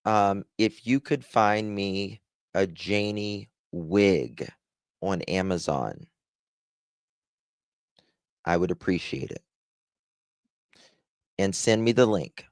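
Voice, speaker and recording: A man's voice: low voice, takes it slowly, long pauses, clear, resonant tone, no room sound, clean studio sound. A man with a Southern accent hosting a casual live stream, rambling as he reads the chat aloud and thanks viewers. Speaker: livestream host.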